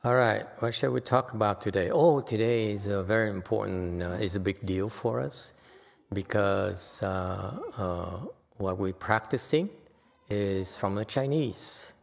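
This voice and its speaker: A man's voice: on the low side, a little slow, vocal fry. An older man giving an unscripted dharma talk as a Buddhist teacher, blunt and exhorting, often checking in with "okay?". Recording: long reverb from a hall.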